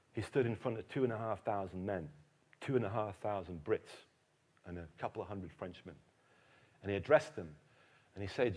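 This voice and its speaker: A man giving a lively public lecture on history, telling stories emphatically. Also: on the low side. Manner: animated storyteller, emphatic. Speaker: keynote speaker, historian.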